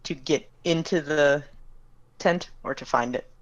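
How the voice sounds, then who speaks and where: A woman playing a tabletop game, thinking out loud as she plans her move. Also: low-pitched, unhurried, no room sound, highs cut off. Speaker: player.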